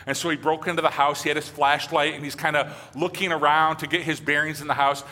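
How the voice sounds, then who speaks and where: A male pastor preaches in a loose, conversational way, trailing off into fillers as he goes. His voice sits a little high and rings bright. A long church-hall echo hangs behind every phrase. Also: flat delivery, fast talker. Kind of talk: sermon.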